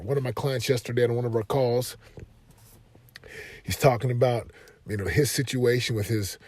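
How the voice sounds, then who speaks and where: A man in his thirties hosting a motivational podcast from his car, talking earnestly and rising to loud, passionate emphasis. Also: medium pitch, steady tone, moderate pace, long pauses, dry recording. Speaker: podcast host and life coach.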